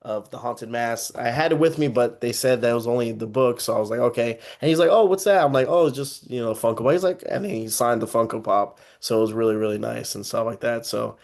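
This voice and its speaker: Brisk and with few pauses, a young man from Texas hosts a casual podcast, his mid-range voice carrying vocal fry. He tells a story animatedly, giving voice to each person he quotes.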